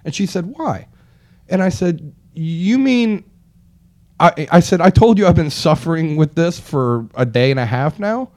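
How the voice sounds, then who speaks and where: A man's voice: a little high, lively intonation, normal speed, a little mellow. Exasperated swearing man telling a story. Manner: profane, exasperated, acts out quotes. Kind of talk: casual storytelling.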